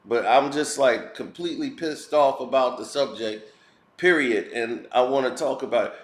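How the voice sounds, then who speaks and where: A man's voice: mid-range voice, moderate pace. A man giving a blunt, heated and preachy opinion rant as a commentary vlogger. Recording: roomy echo.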